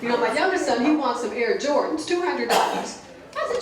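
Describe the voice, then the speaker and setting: Sassy stand-up comedienne in echoey hall. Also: female voice, sits high, expressive, a little fast. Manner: sassy, chatty, teasing the audience. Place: large hall with live audience. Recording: echoey hall from far off, crowd laughter and noise.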